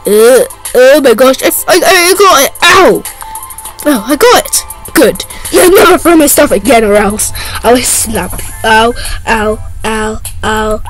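A woman plays out a toy role-play, voicing a whole cast on her own. Her voice sits high and swoops widely, and she keeps slipping into giggles. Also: rough recording. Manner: giggly, playful, often breaking into laughter.

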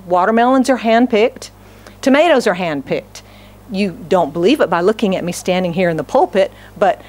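American woman pastor preaching, storytelling. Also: medium pitch. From United States. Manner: storytelling, laughs often, animated acted quotes. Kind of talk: sermon. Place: church.

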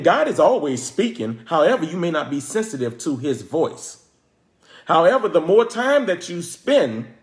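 Man teaching casually in an echoey room. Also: on the high side. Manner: conversational, repeats words, checks in with "okay?". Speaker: preacher. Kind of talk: informal Bible teaching.

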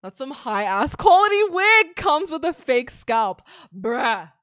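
A woman's voice: sits high, big pitch swings, takes it slowly, a bit bright, no room sound, clean studio sound. A young woman streaming games live, swearing constantly and ranting at the game when it frustrates her.

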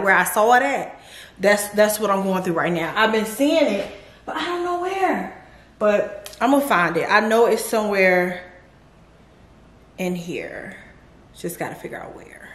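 A woman's voice: mid-range voice, a bit bright. A woman, chatting casually to her viewers in a home vlog. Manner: chatty, talks straight to viewers with y'all. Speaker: vlogger, mother of young kids.

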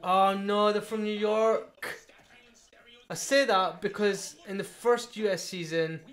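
Excitable British reaction vlogger. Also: mid-range voice, slow. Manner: chatty, quippy, excitable, laughs at own jokes. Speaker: reaction video host. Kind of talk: casual reaction commentary.

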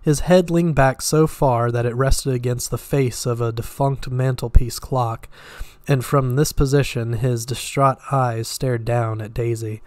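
A man reading a novel aloud at a steady pace, now and then stumbling and restarting words. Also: medium pitch, unhurried, dry recording, studio quality. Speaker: audiobook reader.

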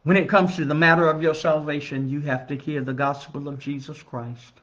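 A man, a minister, giving an earnest Bible study lesson in a church, measured and building emphasis on key phrases. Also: fairly high pitch, steady tone, fairly bright tone. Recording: dull lo-fi recording.

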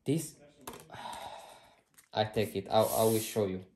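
A man doing a casual tarot reading to camera, blunt and excitable, swearing freely as he thinks aloud. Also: fairly low pitch, slow pace, slight background noise. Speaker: tarot reader. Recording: roomy echo.

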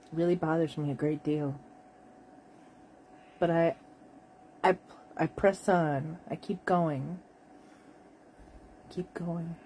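A tired woman with a cough, talking in a slow, halting late-night monologue to her viewers. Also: low voice, steady tone, mellow, slight background noise, low-quality recording. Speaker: vlogger.

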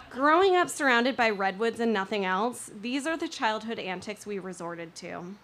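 A woman's voice: medium pitch, fairly bright tone. A young woman telling a personal story on stage, with wry, self-mocking humor.

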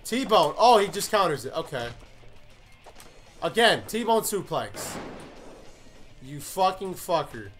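A young man giving live gameplay commentary, cursing and breaking into loud, frustrated outbursts. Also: high voice, big pitch swings, slow, long pauses, soft background music. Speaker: gaming commentator.

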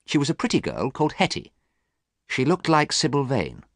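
An anxious young gentleman who wants to be good , put on by a man narrating a storybook. He speaks in a raised, pleading voice with wide pitch swings. The sound is dry and close. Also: huge pitch swings, normal speed, no room sound. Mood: earnest. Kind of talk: storybook character reading.

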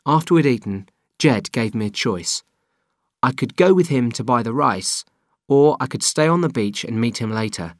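A man narrating an audiobook in a plain, steady reading voice. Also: medium pitch, moderate pace, no room sound, clean studio sound. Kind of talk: scripted narration.

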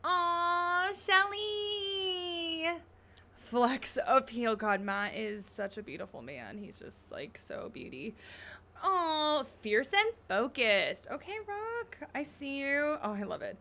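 A bubbly young woman gushes through a casual reaction chat, her voice bright with a gravelly fry at the edges. She talks unhurriedly and sits a little high in pitch. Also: very animated, slow. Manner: bubbly, gushing, lots of "like" and "y'all". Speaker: YouTuber reacting to a show.

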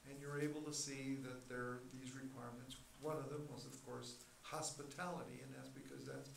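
A man teaches from the pulpit, unpacking Greek words with patient, halting explanations and plenty of fillers. His voice has a gravelly edge. He sounds set back from the mic, and the church hall gives it a roomy echo. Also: medium pitch, level tone, slight background noise. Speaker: pastor. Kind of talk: expository sermon teaching. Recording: roomy, distant sermon recording.

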